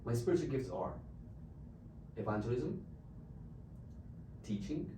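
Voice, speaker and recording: A man from the Czech Republic who speaks English with a Czech accent, an expressive missionary telling stories as an interview guest. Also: mid-range voice, a little slow, noisy background. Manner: expressive, laughs often. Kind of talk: animated storytelling. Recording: roomy, distant mic.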